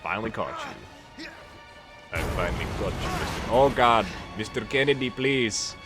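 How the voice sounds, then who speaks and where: A man's voice: lowish voice, lively intonation, moderate pace, music in the background, pitched above the performer's own voice, lightly acted. A man voicing a melodramatic dying female spy in an overwrought, pleading tone with a wobbly put-on accent that keeps changing.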